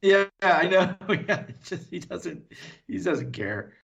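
A man co-hosting a podcast, retelling a TV episode in casual chat and slipping into quick voices for the characters. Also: sits high, gravelly. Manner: animated retelling with quick impressions and laughs. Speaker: podcast co-host.

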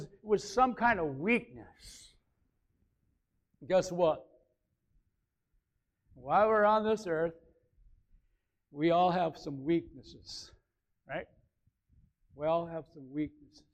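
A man's voice: high-pitched, takes it slowly, pauses often. A man preaching a conversational sermon, repeating phrases and rising to emphatic peaks. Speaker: pastor.

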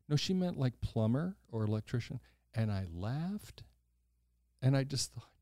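This podcast host is a man in his sixties with a mid-range voice, recorded dry in a studio. He tells a personal story bluntly and casually, swearing without a second thought and acting out the voices of the people involved.

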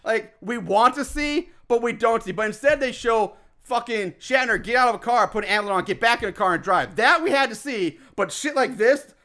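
Animated high-voiced man recapping a film. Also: brisk, hardly any pauses. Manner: animated, profane, laughs often. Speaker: podcast co-host recapping a film. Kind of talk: casual chat.

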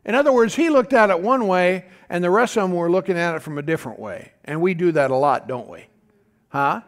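A man delivering a sermon with a fairly high, lively voice. He stops and restarts his sentences, drops in fillers, and keeps calling questions out to his listeners. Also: brisk. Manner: animated preacher, calls to the congregation, pitch jumps high for emphasis. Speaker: pastor.

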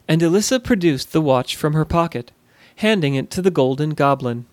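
A man narrating a fantasy storybook in a measured, even storytelling manner. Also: fairly high pitch, no room sound. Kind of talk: scripted narration.

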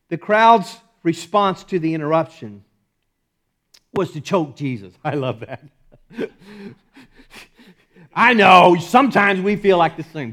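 A male pastor preaches to his congregation in a somewhat high voice. He leans on repeated phrases and swings his volume from punchy and loud down to quiet and hushed. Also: big pitch swings, normal speed. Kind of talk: sermon. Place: church service.

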